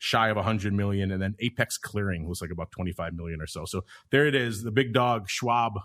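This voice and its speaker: Podcast host: man, lower pitch, chatty, wry asides. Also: brisk, a bit bright. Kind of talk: casual market talk.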